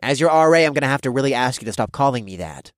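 Stiff, formal young dorm supervisor, lively pitch, dry read; a male narrator plays him. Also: rapid-fire, no room sound, natural voice.

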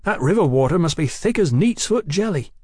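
A man's voice: on the high side, animated, brisk, no room sound, clean studio sound, voice pushed up, close to an everyday voice. A man voicing an eager, wide-eyed younger brother in an audiobook. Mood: excited. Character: excitable boy, a younger brother.

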